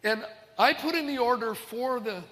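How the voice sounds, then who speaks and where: A man's voice: very high voice, normal speed, a bit bright, in a large hall. A man preaching a sermon as a pastor, telling stories in an easygoing, conversational way in a large auditorium.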